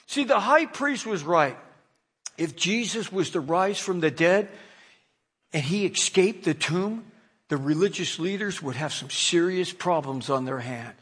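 A male pastor giving a lively, joking sermon that acts out the people in the passage. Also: high voice, normal speed, husky. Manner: animated, jokey, acts out quoted figures.

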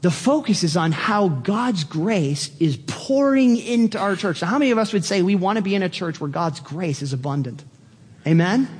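A man's voice: sits high, slightly rough, in a large hall. A man preaching as a pastor, emphatic and building with enthusiasm. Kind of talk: sermon.

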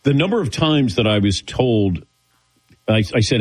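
A man's voice: mid-range voice, lively intonation, moderate pace, poor audio. A man hosting a show, telling a long rambling story in a casual way and acting out the voices of people he quotes. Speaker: show host.

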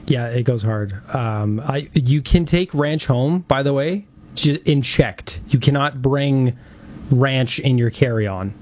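A man's voice: medium pitch, takes it slowly, a little mellow, a little hiss or hum. Chatty man co-hosting. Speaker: podcast co-host. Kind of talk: casual chat.

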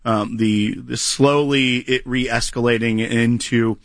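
Halting male co-host asking questions. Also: mid-range voice, fairly even intonation, no echo, clean studio sound. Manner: halting, with many false starts. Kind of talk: interview questions on talk radio.

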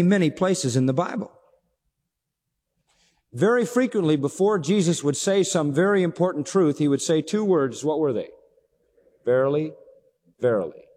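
Lively-pitched man preaching in a hall. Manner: expressive, acts out quoted dialogue with sweeping pitch. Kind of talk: sermon.

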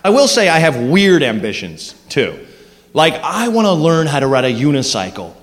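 A man doing a stand-up comedy set on a club stage, animated and quick to slip into silly voices. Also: on the high side. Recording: live club recording with hall echo and noise.

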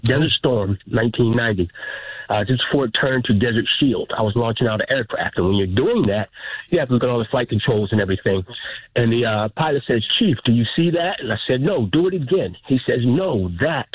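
Brief: middle-aged male phone-in caller, earnest and halting, husky voice over a tinny phone line. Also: medium pitch, no echo. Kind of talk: phone-in storytelling.

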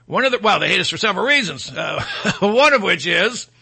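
A man's voice: sits high, big pitch swings, brisk, gravelly, bright, forceful tone, breathy edge. A man hosting a talk show, delivering a combative opinion monologue in a mocking tone and mimicking his opponents in quoted voices. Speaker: radio talk show host.

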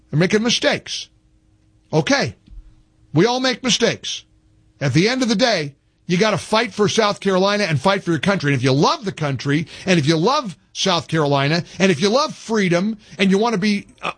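A man with a high-pitched, slightly bright, husky voice hosts a talk radio show. Fired-up, emphatic and repetitive, he rants and also reads an ad himself.

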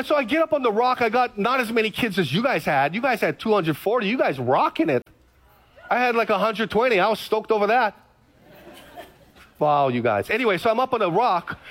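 A middle-aged man preaching a conversational radio sermon, telling stories with lots of repetition. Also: sits high. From Hawaii. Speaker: pastor.

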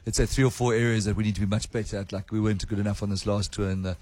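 A man's voice: fairly low pitch, steady tone, rapid-fire, a little mellow. A man who coaches rugby, talking candidly in a radio studio, rambling a little and chuckling at his own lines. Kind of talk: casual radio interview.

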